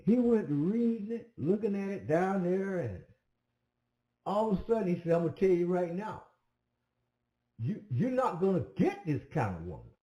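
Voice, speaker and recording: A man's voice: high-pitched, sing-song, moderate pace, dark tone. A man telling a personal story in a casual, rambling way, with many hesitant fillers. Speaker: commentator. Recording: roomy echo.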